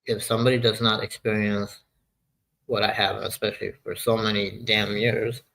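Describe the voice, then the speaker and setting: A gravelly, fairly low-pitched man in his sixties, hosting a casual live chat. He speaks in a flat, even tone and rambles, often losing his train of thought. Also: normal speed, rough recording. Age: 60s. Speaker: livestream host.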